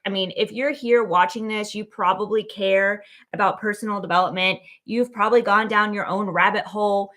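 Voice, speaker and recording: A woman hosting her own show, giving a casual, animated motivational talk full of "like" and "okay?". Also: mid-range voice. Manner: animated, chatty, lots of "like" and "okay?". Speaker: keynote speaker and show host.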